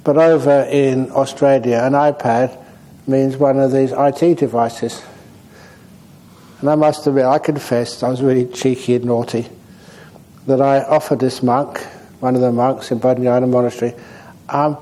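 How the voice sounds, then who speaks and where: A man, a Buddhist monk, giving a relaxed, humorous dharma talk on meditation in a meditation hall. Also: medium pitch, normal speed.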